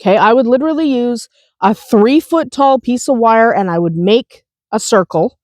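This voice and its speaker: A woman's voice: on the high side, moderate pace, darkish tone, dry recording. A woman with a cold hosting a homestead video outdoors, chatty and prone to restarts, explaining how to compost. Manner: chatty, laughs, restarts often. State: has a cold, chewing a lozenge. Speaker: homestead channel host. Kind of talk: casual outdoor how-to talk.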